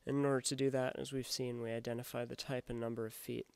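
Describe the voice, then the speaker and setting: A man teaching a class, explaining things in a measured, scripted way. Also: medium pitch, flat delivery, gravelly, darkish tone, smooth, dry recording. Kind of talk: scripted lesson narration.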